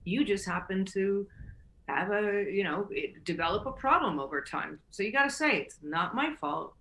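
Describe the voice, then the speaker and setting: A woman's voice: mid-range voice, lively intonation, moderate pace, fairly bright tone, reverberant. A woman hosting a recovery talk, giving earnest casual advice with frequent restarts and easy laughter. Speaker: recovery podcast host.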